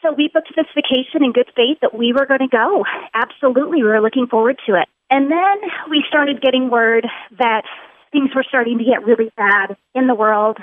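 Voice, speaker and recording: A woman on a tinny phone line, pitched a little high and recorded dry. She talks earnestly and with a wronged edge, piling up repeated phrases to press her point home. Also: dry recording. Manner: earnest and aggrieved, builds emphasis through repetition. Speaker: caller. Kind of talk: telling her story on a call-in show. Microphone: telephone.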